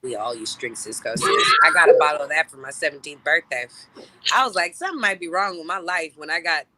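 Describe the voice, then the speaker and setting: A woman in her thirties, a guest telling stories in a casual, profane way and acting out quoted lines in loud, high voices. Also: fast talker, heavy background noise. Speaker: celebrity guest. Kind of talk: casual storytelling chat.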